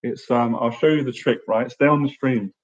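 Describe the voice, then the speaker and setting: A man's voice: mid-range voice, moderate pace, lo-fi sound. A man who coaches social skills, chatting casually through a live-stream Q&A in an upbeat way, laughing easily and often asking "right?". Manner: laughs easily, animated when telling stories.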